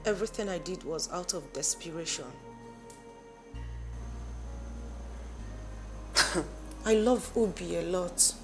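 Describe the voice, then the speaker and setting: An actress playing an obsessive young woman who arranged a kidnapping, in a defiant, sharp-tongued manner. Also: on the low side, normal speed, music in the background, lightly acted. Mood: desperate. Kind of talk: Nollywood film drama.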